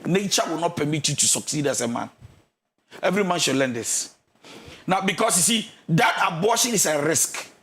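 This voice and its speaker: A Ghanaian man with a fairly high voice preaches marriage advice as a counsellor. He is emphatic, slips between English and Twi, and now and then rises to a shout or a sung phrase. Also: animated, moderate pace. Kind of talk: radio counselling talk.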